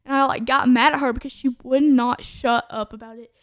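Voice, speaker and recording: With fairly even intonation and a fairly quick pace, a young-sounding woman gives her testimony on a podcast in a high voice. She chats and rambles, using "like" constantly and restarting her sentences. There's no room echo; the recording is dry and close.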